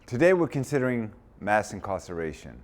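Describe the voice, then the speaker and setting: Male talk show host, lower voice, reflective and halting. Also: very animated.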